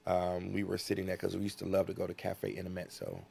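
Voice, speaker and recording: A man's voice: low-pitched, monotone, fast talker, creaky, darkish tone. A man from the United States, a guest in an interview, telling a personal story earnestly and acting out what people said.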